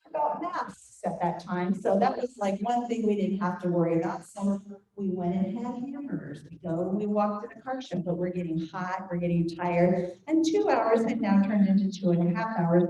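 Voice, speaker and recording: An older woman teaching a group, telling a family story in an animated way and acting out voices. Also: mid-range voice. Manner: animated, acts out quoted voices. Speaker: Bible study teacher. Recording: echoey room, faint noise.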